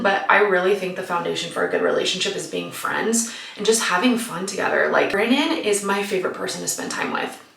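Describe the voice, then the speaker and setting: Chatty late-20s woman answering questions, bit of vocal fry, echoey room. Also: medium pitch, fairly bright tone. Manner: chatty, uses "like" often, laughs easily. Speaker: vlogger answering viewer questions. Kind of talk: casual Q&A chat. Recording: roomy, mic at a distance.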